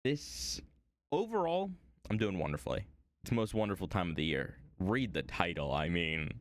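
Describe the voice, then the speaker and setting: A man's voice: deep voice, fairly quick, dry recording, studio quality. A man streaming himself woodcarving at home, chatting to viewers in a rambling, playful way. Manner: rambling, playful, talks to chat. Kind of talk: casual chat while woodcarving.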